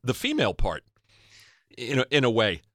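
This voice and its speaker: Man, podcast co-host, very bright tone, lively pitch, chuckling asides. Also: normal speed, no room sound, studio quality. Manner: chuckling, brief backchannel remarks. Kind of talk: casual interview chat.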